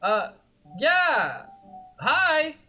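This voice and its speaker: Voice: sits high, big pitch swings, extremely slow, pushed and bright, faint music behind, pitched above the performer's own voice, exaggerated voice. A game master putting on a breezy, carefree young man. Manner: easygoing, chummy, coos at his companion. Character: carefree young man strolling with a spirit companion.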